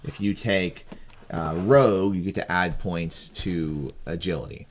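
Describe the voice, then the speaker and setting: In a low, unhurried voice, a game master casually explains tabletop character creation to a friend. He keeps it breezy and teasing, often restarting his sentences.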